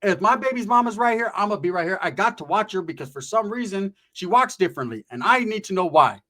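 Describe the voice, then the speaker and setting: A man's voice: sits high, expressive, fast, sharp tone. A middle-aged man casually telling a profane, streetwise story from his past, often tagging his lines with "right?".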